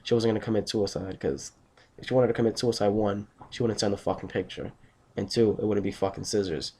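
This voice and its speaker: A man's voice: on the low side, steady tone, brisk, darkish tone, slight background noise. A young man just out of bed, telling a story on his vlog in a blunt, rambling, heavily profane way. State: just woken up, tired. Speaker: vlogger.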